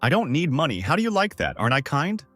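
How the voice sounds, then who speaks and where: A man's voice: a little high, sing-song, fast talker, a bit bright, no room sound, voice pushed up. A spiteful young gamer mocks his old bullies in a raised, gloating voice, voiced by a man narrating a comic recap. The sound is dry and close, with faint music under it. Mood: mocking. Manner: mocking and gloating. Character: scheming young male gamer out for revenge.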